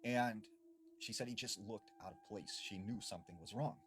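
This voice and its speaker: A man casually telling a creepy story, with hushed dips for suspense. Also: lowish voice, moderate pace, a little hiss or hum.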